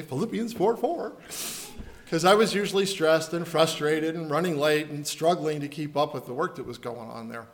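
A man's voice: a little high, vocal fry. A middle-aged man preaching a sermon in an earnest, storytelling manner and leading the congregation in a simple song. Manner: earnest, storytelling, leads singing. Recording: echoey room.

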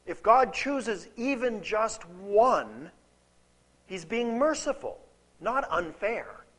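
Speaking slowly and very animatedly, a man with a high, fairly bright voice explains the Bible in an expository, conversational manner over a rough recording. He leans on repeated key words for emphasis and checks in with "okay?" and "right?".

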